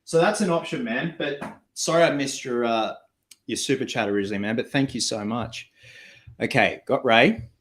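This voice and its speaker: A man's voice: medium pitch, moderate pace, fairly bright tone. An Australian man hosting a casual livestream, chatting loosely and thanking viewers for donations while crafting. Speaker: cosplay livestream host. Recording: echoey room.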